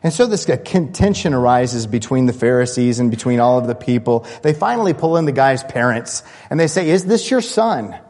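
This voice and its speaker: A man pastor preaching a sermon, lively and building with excitement, often restarting his sentences. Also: medium pitch, brisk, few pauses, big-room sound.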